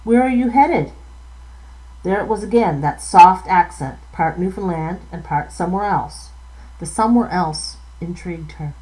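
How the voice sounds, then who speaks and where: A woman author reads her own novel aloud in a live reading. She goes at an even, unhurried clip, tripping over a word now and then and correcting herself before carrying on. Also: on the low side, rough recording.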